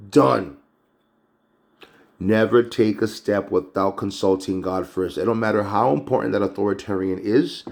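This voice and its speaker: A man's voice: lowish voice, moderate pace, creaky. A man teaching a casual Bible chapter recap, conversational and a bit preachy.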